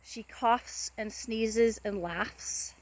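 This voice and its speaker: A woman casually talking to camera about her pet parrot, rambling softly with many fillers and restarts. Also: on the high side, extremely slow.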